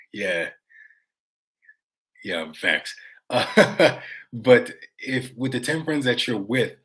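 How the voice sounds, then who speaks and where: A man's voice: medium pitch, a bit bright. Rambling American man chatting to viewers. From United States. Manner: rambling, conversational, casual swearing, addresses viewers as guys. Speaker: vlogger. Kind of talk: casual livestream chat, reading viewer comments.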